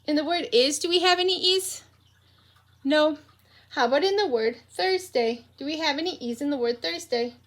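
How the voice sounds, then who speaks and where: A woman teacher leading a morning meeting for young children, in a slow, animated, sing-song voice with many questions for the kids. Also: sits high. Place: home room.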